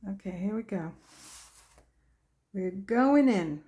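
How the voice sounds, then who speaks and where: Woman, art lesson host, slow, mellow, chatty, talks to herself. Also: mid-range voice, expressive, lo-fi sound. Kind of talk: painting demonstration.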